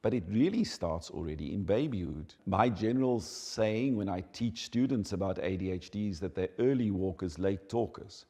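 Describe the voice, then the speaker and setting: A man's voice: deep voice, normal speed, hardly any pauses. A man explaining child development in an emphatic, teaching manner. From South Africa. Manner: animated, emphatic teaching delivery. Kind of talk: explanatory talk. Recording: long hall reverb.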